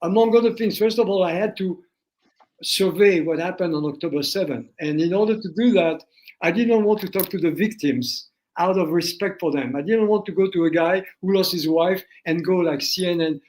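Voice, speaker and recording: A man's voice: high voice, moderate pace, darkish tone, low-quality recording. A man answers interview questions as a filmmaker. He speaks bluntly and emphatically, with flashes of indignation. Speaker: guest filmmaker.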